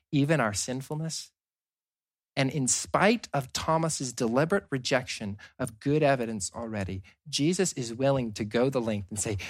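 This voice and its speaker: A man's voice: mid-range voice, fairly bright tone, no echo. Man preaching with dry close sound. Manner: engaging, asks the audience questions; shifts into paraphrased dialogue and scripture readings. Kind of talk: sermon.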